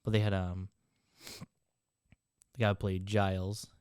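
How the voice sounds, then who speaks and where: A young woman chatting casually on a podcast, easygoing and quick to laugh, often quoting imagined reactions. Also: very deep voice, little pitch movement, darkish tone, clear, resonant tone, no echo, clean studio sound.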